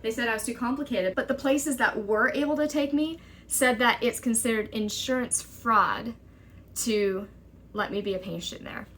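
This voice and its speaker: A woman's voice: fairly high pitch, fairly bright tone, slight background noise. A young woman vlogging a personal story to camera, urgent and exasperated, quoting others as she goes. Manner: urgent, exasperated retelling with quick quoted dialogue.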